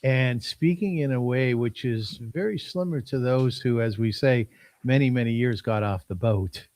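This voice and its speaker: A man hosting a podcast interview, earnest and halting, often stumbling over his first words. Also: medium pitch, a little mellow. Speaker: podcast host.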